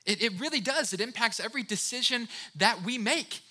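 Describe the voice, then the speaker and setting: Man, motivational talk, very animated pitch, earnest, addresses listener directly, repeats words. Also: brisk. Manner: restarts and repeated words while storytelling. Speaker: speaker of a talk series. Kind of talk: motivational talk with personal stories.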